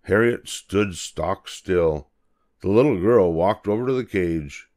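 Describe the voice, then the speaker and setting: An older grandfatherly man reads a children's picture book aloud. His voice is very low, and his delivery is measured and gentle. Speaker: storyteller.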